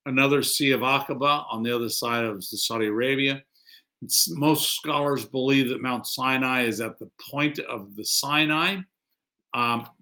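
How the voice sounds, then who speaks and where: Middle-aged guy preaching, bright voice, chatty sermon, acts out the quotes. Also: mid-range voice. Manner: conversational preaching with quoted lines acted out. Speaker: pastor.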